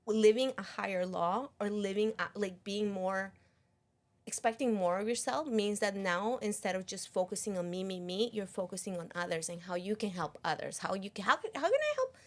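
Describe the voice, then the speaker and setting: A woman's voice: medium pitch, lively intonation, normal speed. A woman co-hosting a podcast in casual chat, teasing and laughing often. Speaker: podcast co-host.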